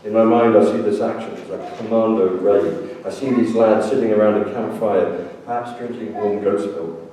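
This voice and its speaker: A man's voice: fairly low pitch, fairly even intonation, moderate pace, mellow. A man preaching a sermon as a priest, telling stories with a joking, jovial manner. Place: church sanctuary. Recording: echoey church, distant mic, background noise.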